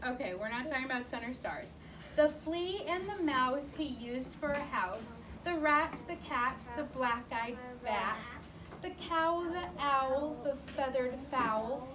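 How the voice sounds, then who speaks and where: High-voiced woman reading a picture book. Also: lively intonation. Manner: slow, sing-song, asks the child questions. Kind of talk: read-aloud storytelling. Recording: distant mic with clear background noise.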